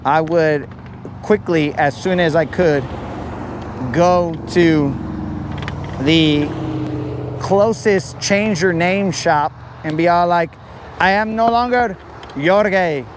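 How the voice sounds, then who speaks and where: Casual fishing streamer, male, high-pitched, unhurried, rambling jokes to his chat, faint outdoor noise behind. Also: fairly even intonation. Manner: rambling, jokey, talks to chat as bros. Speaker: fishing livestream host. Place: outdoors by a riprap shoreline near a road.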